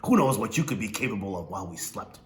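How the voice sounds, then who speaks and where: A starchy, pompous foster mother of middle age, voiced by a man reading a storybook aloud. She scolds in stiff, formal sentences, every word a reproach. The voice stays low and firm. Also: lively intonation, fast, lightly acted. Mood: stern scolding. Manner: haughty, formal, scolding diction.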